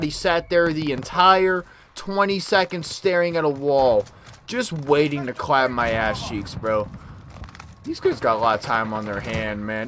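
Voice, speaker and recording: Animated trash-talking gamer man. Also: medium pitch, slight background noise. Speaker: gaming YouTuber. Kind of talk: casual gameplay commentary. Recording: game gunfire loud in background.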